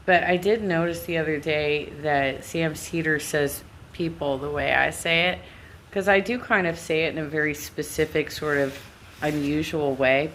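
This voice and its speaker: A Southern California woman chats to her live stream audience in a casual monologue, rambling, cutting herself off, and laughing every so often. Her voice is low-pitched with a fairly bright tone, and there's slight background noise.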